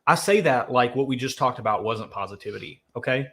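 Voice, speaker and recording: A livestream co-host from Nashville, Tennessee, chats casually but earnestly and emphatically during a charity stream, reading donor comments aloud. His mid-range voice is pushed and bright, fairly quick, with lively intonation.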